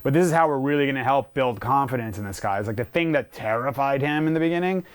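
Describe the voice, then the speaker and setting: A man in the middle of a live training session, talking through each step in a relaxed, conversational way at a middling pitch. He keeps explaining to the owner, then breaks off for quick praise to the dog before picking the point back up. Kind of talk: casual instructional talk.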